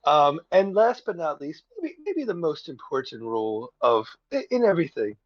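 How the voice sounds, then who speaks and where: A man talking on a casual podcast, rambling through his points with hesitant ums and restarts. His voice sits a little high and comes through a slightly dull, lo-fi mic. The sound is dry and close. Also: big pitch swings, moderate pace, no room sound. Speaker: podcast co-host.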